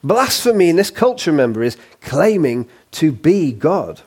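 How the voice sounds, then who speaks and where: A man's voice: a little high, big pitch swings, normal speed, a little mellow, slightly rough. A man preaching a sermon in a church, conversational and playful, with humorous asides.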